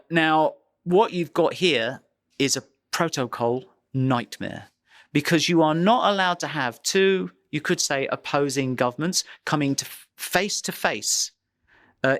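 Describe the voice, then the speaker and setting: A man's voice: a little high, fairly bright tone, no echo. Dry, close-miked male storyteller. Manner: vivid, dramatic storyteller with pauses. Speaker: photographer being interviewed. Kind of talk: recounting a personal anecdote.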